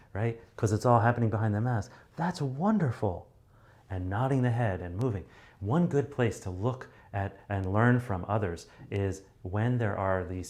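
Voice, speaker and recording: Low-voiced man coaching public speaking. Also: darkish tone. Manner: loose and conversational, with many fillers and restarts; acts out sample deliveries to show each point. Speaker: communication coach. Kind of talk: teaching monologue on public speaking.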